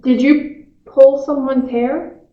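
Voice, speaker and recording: A woman's voice: high voice, steady tone, slow. A young woman, a paranormal investigator, chatting in a teasing, playful way while exploring an old house. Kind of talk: casual chat while ghost hunting. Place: large old house, indoors. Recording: echoey, muffled, noisy camera audio.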